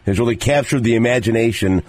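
A man's voice: medium pitch, quick pace, darkish tone. A male sports radio host in casual on-air talk, often stumbling and repeating words as he goes.

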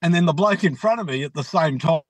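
An Australian man co-hosting a casual chat show, telling an animated anecdote. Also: on the high side, quick pace, no echo, low-quality recording. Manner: animated anecdote teller, acts out quotes. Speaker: co-host.

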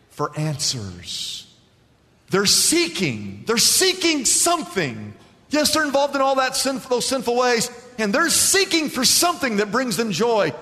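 Very high-pitched, bright, and forceful, a pastor delivers a sermon in a church sanctuary filled with hall reverb. He stretches key words and presses the congregation to respond, preaching with strong emphasis.

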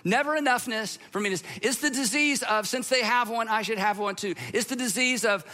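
A middle-aged man preaching a sermon as a pastor, in a conversational, animated way. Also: high voice, a little fast. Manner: conversational, animated, acts out quoted voices.

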